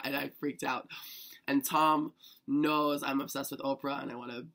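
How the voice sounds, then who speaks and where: A young man telling a story to camera in a chatty, excitable vlog manner, full of "like". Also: mid-range voice, moderate pace. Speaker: vlogger.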